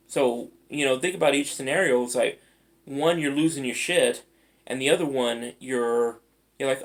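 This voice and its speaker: Gravelly-voiced man giving a motivational talk. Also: medium pitch, normal speed. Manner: casual, conversational, acts out everyday scenarios. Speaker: life mentor.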